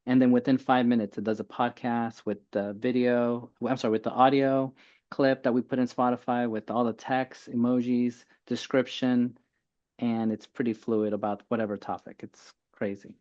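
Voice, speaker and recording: A middle-aged man, a physician guest on a podcast, explaining things in an energetic, casual way. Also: mid-range voice, moderate pace. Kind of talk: casual interview chat. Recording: slightly dull lo-fi sound.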